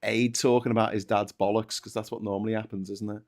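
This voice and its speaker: A man's voice: lowish voice, flat delivery, quick pace, a little mellow. A man with a Liverpool accent, a guest on a live stream over a video call, chatty and laughing a lot, swearing as he tells rambling stories. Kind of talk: casual comic chat.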